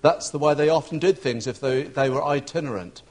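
A preacher delivers a sermon as a told story. He pitches his voice fairly high for a man, and he raises it further when he acts out the shouting in the scene. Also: fairly quick.

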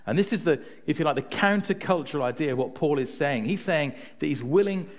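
A male preacher giving a relaxed, conversational sermon. His pitch moves a lot as he talks, rising and falling with the story. He keeps checking in with his listeners and drops into personal anecdotes to make his point. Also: a little fast. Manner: chatty, often adds "right?" to check in with listeners.

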